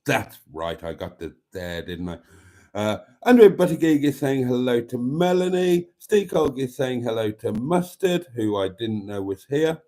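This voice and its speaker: Wry chatty man, lively pitch. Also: measured pace. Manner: chatty, wry, self-mocking, reads out viewer comments. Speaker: live stream host. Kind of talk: casual live stream chat reading comments.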